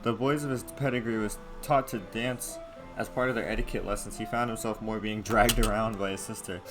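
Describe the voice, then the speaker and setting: A man's voice: on the low side, fairly even intonation, brisk. A man reading a visual novel aloud with casual, joking asides. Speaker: gameplay video host. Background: game music.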